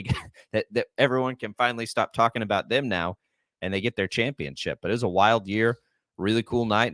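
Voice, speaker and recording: A man's voice: on the low side, fairly bright tone, dry recording. A man in his forties co-hosting a sports radio show, chatting casually, rambling and heartfelt, with many restarts, into a studio microphone.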